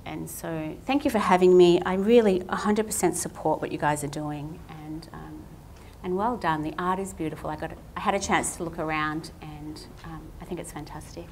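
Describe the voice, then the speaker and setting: A woman's voice: deep voice, steady tone, moderate pace, hardly any pauses, darkish tone, a little hiss or hum. A woman giving a public talk as a guest artist, telling her story in a candid, self-deprecating way. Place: talk venue at a justice centre.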